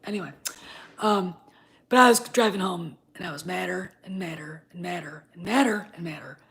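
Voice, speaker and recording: A woman in her fifties ranting in a casual vlog. She swears a lot and swings from low muttering to loud, heated outbursts, with wine in hand. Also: normal speed, vocal fry. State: drinking wine. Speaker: vlogger.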